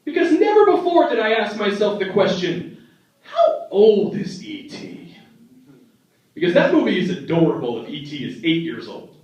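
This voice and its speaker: Animated young man doing stand-up. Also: high voice, far from the mic. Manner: animated storytelling, acting out family members in quick voices. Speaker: stand-up comedian. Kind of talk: stand-up comedy set. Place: comedy club stage. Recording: echoey, dull club recording from the back.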